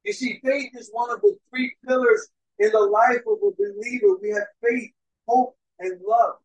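A young man preaching a sermon as pastor, telling stories and swinging between loud and hushed delivery. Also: very high-pitched, sing-song, moderate pace, creaky, muffled recording. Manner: storytelling, acts out crowd voices, swings between loud and hushed.

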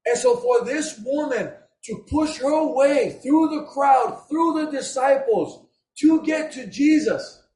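A man preaching an impassioned, emotional sermon, raising his voice to a shout at its peaks. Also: very high voice, slow pace. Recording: roomy echo.

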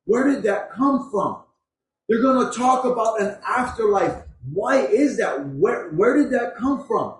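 Man, preacher, sermon, high voice, slow delivery, echoey room, distant mic. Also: animated. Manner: storytelling preacher, slow and deliberate. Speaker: pastor.

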